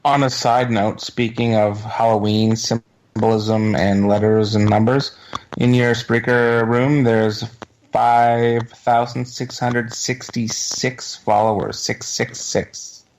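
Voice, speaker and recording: A Canadian man speaks as a guest on a radio chat show, mid-pitched and matter-of-fact, with a dry, joking edge. A faint noise sits behind his voice. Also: flat delivery, slow pace, low-quality recording. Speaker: guest paranormal investigator.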